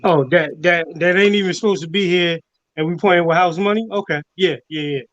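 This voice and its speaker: A man co-hosts a casual sports podcast, his voice a bit higher than most men's. He teases the host in a playful way. The sound is dry, with no room echo. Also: brisk, fairly bright tone, dull audio.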